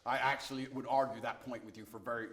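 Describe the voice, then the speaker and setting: A man's voice: mid-range voice, fairly even intonation, fast talker, fairly bright tone. A man in his thirties, an interview guest, arguing defiantly with a sarcastic, declamatory edge. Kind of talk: combative interview.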